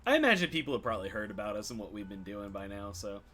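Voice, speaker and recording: A man's voice: fairly low pitch, very animated, very fast, background noise. A man playing in a tabletop game, talking casually and laughing often. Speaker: player.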